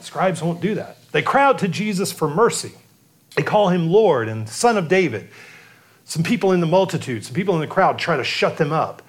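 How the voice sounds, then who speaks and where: Lively, higher-voiced preaching man. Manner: earnest preaching with repetitions and restarts. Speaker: pastor. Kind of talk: sermon.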